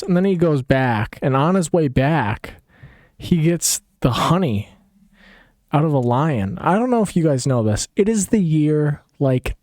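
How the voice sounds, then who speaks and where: Brief: deadpan-sarcastic male storyteller, unhurried, rambling, dry close sound. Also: on the high side, no echo. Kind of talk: casual comedic retelling.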